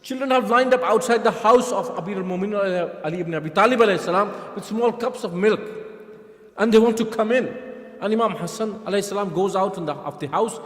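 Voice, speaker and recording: A man's voice: high voice, fairly quick, fairly bright tone. A man preaching a mournful sermon, telling a story earnestly and rising to impassioned pleas. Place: large hall at a religious gathering. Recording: reverberant hall sound.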